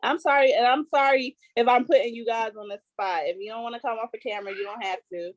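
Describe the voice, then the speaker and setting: A woman's voice: fairly high pitch, steady tone, fast, dry recording. Earnest woman hosting a video call. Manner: earnest, emphatic, conversational. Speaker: host. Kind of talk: casual video call chat.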